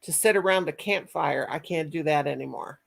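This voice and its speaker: A woman hosts a casual livestream chat in a low, fairly quick voice with vocal fry. She is folksy and talkative, laughs often, and reads viewer comments aloud.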